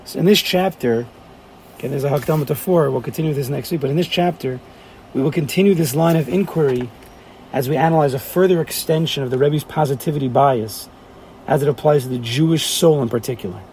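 A man's voice: on the high side, a little fast, a little mellow, a little hiss or hum. A man teaching a class, talking animatedly and firing off rhetorical questions. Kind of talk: lively class lecture.

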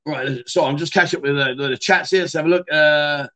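A man's voice: a little high, a little fast, sharp tone. A middle-aged man, hosting a casual livestream and chatting loosely with many fillers and restarts. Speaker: livestream host.

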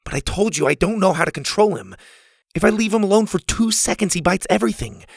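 Man doing a panicky kid camper, talks fast and high, pleading, a bit gravelly. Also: expressive, no room sound, clean studio sound, full character voice. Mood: exasperated. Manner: earnest, quick, defensive. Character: worried boy camper pleading his case.

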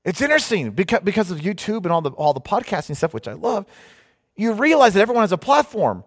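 A man preaching a sermon in an animated, conversational way, sometimes mocking the voices of others. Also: sits high, fast talker. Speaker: pastor. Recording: long hall reverb.

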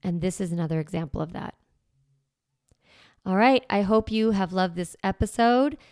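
A woman's voice: mid-range voice, moderate pace, darkish tone, dry recording, clean studio sound. A woman in her forties, a parenting coach hosting a podcast, talking casually and acting out little quotes. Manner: chatty, acts out quotes, many "like" fillers.

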